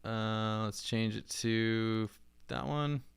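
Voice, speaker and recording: A man's voice: lowish voice, very slow, vocal fry, clean tone. A man chatting casually on a livestream, rambling and thinking aloud as he edits audio. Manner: relaxed, rambling, thinking aloud while editing. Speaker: streamer, content creator.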